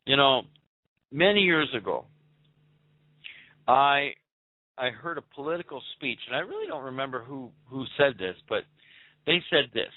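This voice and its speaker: A man's voice: mid-range voice, sing-song, moderate pace, pauses often, no echo. A man hosting a talk radio show, delivering a fired-up, preachy political monologue with rhetorical questions. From United States. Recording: tinny phone-like audio.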